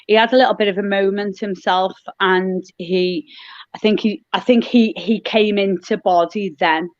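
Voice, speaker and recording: Woman guest, mid-pitched, halting and earnest; dry, muffled call audio. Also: fairly even intonation, no room sound. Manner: halting, many restarts, earnest. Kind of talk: casual chat.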